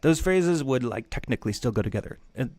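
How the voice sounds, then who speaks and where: A man's voice: mid-range voice, lively intonation, quick pace, a little mellow, no echo. A man teaching music theory in a loose, conversational lecture with jokey asides. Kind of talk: casual lecture.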